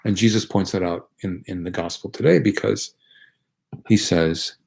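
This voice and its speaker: A man's voice: deep voice, normal speed, creaky, darkish tone, slightly rough. A man, a priest, giving an earnest, conversational sermon with frequent restarts.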